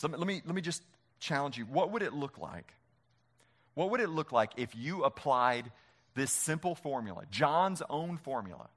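A man's voice: fairly high pitch, a bit bright. A man preaching a sermon as pastor, impassioned, repeating phrases for emphasis and leading the congregation in a reading.

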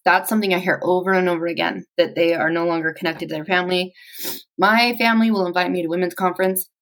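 Low, gravelly-voiced woman telling her story. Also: fairly even intonation, fairly bright tone, low-quality recording. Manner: reflective, halting, with pauses. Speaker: interviewee. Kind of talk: personal story in an interview.

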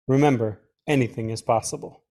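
A man hosting a podcast with his child, reading a picture book aloud in an animated, playful way. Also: medium pitch, brisk, no room sound. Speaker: father and podcast host.

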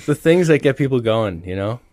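A young man co-hosting a podcast, telling an animated story with lots of laughter and acted-out quotes. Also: medium pitch, dry recording. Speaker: podcast co-host. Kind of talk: casual storytelling chat.

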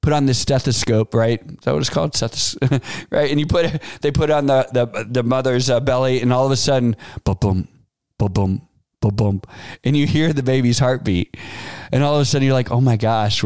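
A man in his forties hosting a business podcast, telling stories in a casual, animated way and acting out the quotes, with frequent fillers. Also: fairly high pitch, smooth, no room sound. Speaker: podcast host. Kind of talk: casual advice talk.

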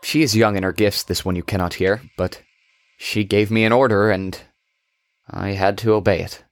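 A man doing an ashamed, halting dragon-shifter. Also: fairly low pitch, fairly even intonation, no echo, clean studio sound, natural voice. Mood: earnest. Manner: soft, apologetic, halting. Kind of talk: audiobook character voice.

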